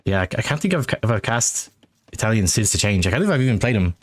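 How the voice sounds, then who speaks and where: A man co-casting a strategy game live, chatty and quick to laugh. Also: fairly low pitch, big pitch swings. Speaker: guest co-caster.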